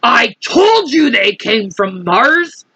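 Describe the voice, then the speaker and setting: A woman's voice: a little high, very animated, slow, breathy edge, no room sound, highs cut off, exaggerated voice. A woman voicing a blustering male chief of police in a storybook, barking orders. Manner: bossy, shouting orders.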